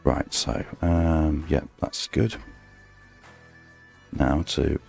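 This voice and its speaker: A man streaming his art, talking softly in an ASMR-style murmur right on a close microphone, rambling to himself as he draws. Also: very deep voice, steady tone, extremely slow, gravelly, breathy edge. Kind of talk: soft ASMR-style stream chat while drawing. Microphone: very close desk microphone. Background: faint background music.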